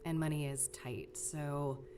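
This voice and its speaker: An actress playing a young female private investigator in a mystery game, speaking briskly and matter-of-factly. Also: sits low, little pitch movement, noisy background. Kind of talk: game voice acting. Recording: distant game audio with music.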